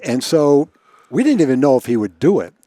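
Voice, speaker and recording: A man's voice: medium pitch, big pitch swings, a little fast, mellow, no room sound, clean studio sound. Chuckling man telling stories. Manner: chuckles often, repeats words while telling stories. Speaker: guest storyteller. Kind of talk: casual anecdote telling.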